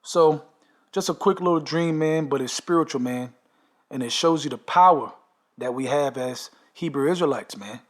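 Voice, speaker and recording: Casual man, higher voice, lots of "man". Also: normal speed. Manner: conversational, frequent "man" and "okay" tags. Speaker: video host recounting a dream. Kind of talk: casual dream retelling and preaching.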